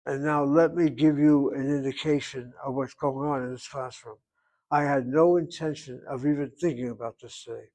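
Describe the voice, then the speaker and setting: A man's voice: mid-range voice, fairly even intonation, normal speed, darkish tone. An older man teaching a Hebrew grammar class, thinking aloud and reasoning back and forth as he explains.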